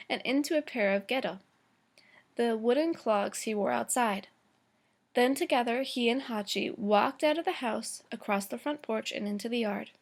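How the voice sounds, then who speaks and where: Woman teacher, higher voice, reads a chapter aloud to the class, slow, fixes her own slips. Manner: slow, careful reading with small stumbles and self-corrections.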